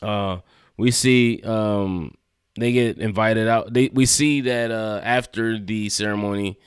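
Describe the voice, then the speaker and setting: A man's voice: lowish voice, steady tone, slow, clear, resonant tone, dry recording, studio quality. A man casually reviewing and recapping a TV episode, laid-back and slangy, chuckling as he retells scenes. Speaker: TV show reviewer.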